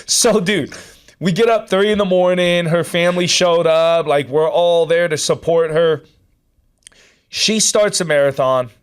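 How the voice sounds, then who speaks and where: A man telling a long story in a casual chat, animated and peppered with "dude" and "like.". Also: fairly high pitch, unhurried, smooth. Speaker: podcast guest.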